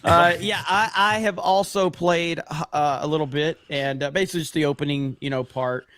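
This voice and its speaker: Excitable higher-voiced male podcast host. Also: normal speed, no echo. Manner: laughing, excitable, swearing. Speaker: show host. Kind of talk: casual panel chat.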